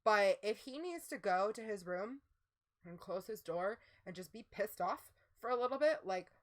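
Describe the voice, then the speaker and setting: A woman's voice: mid-range voice, animated, moderate pace. A woman co-hosting a livestream, talking in a casual, rambling way with many "like"s. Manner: rambling, heavy use of "like". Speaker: co-host.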